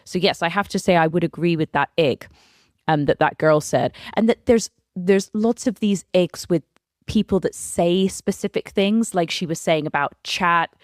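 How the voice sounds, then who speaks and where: A British woman talks through a relaxed podcast conversation in a fairly low voice, frank and a little self-deprecating. Her speech is full of easy "like" fillers. The sound is dry and close, with no room around it. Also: moderate pace, no echo. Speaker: podcast co-host. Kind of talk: casual conversational podcast chat.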